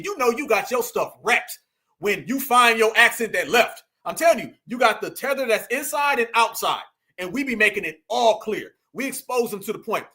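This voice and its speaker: Male commentary host, high and bright, mocking, emphatic rant. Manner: mocking, preachy, emphatic with asides to viewers. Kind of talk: heated commentary monologue.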